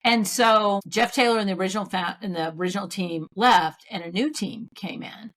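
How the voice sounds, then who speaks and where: Woman, middle-aged, podcast guest, animated storyteller, casual conversational tone. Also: medium pitch, normal speed. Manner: lively storyteller who acts out what people said. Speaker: guest, author and sales consultant.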